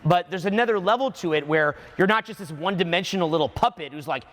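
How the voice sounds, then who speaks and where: High-voiced man in a reverberant hall. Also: animated, fast, fairly bright tone.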